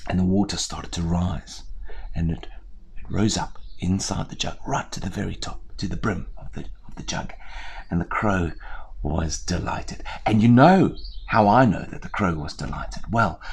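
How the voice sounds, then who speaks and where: A man storyteller talking to viewers in a lively, chatty way with playful asides, indoors on a small theatre set. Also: deep voice, unhurried, slight background noise.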